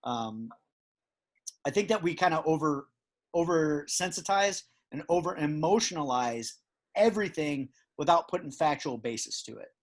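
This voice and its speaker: A man's voice: fairly high pitch, expressive, moderate pace. A man hosting a casual podcast chat, rambling and emphatic with many restarts. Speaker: podcast host. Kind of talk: casual conversation.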